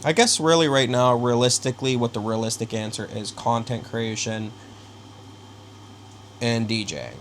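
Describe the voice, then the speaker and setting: A young man vlogging casually from his bedroom, rambling and halting with many fillers. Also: medium pitch, slight background noise. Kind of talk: casual self-interview. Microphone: small handheld camera.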